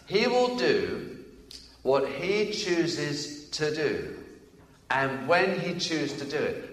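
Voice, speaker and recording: A man preaches a sermon with a lively, swinging delivery, his voice rising on declarations and dropping into quick asides. His pitch sits in a middle register. The recording carries the long reverb of a roomy church hall. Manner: animated, emphatic, swings between loud declarations and quick asides.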